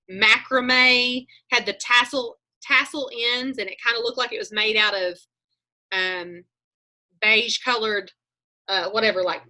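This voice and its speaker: A woman's voice: fairly high pitch, sharp tone. A woman, talking on a video call, telling chatty stories and acting out her own thoughts as she coaches a group.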